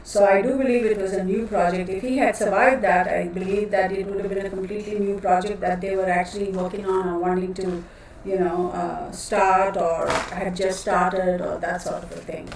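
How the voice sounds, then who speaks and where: Creaky and darkish, this woman's mid-range voice stays fairly even at a moderate pace as she rambles casually to her live audience as a tarot reader, calling them y'all. She works from a cluttered home room; the sound is echoey, distant from the mic, with faint noise.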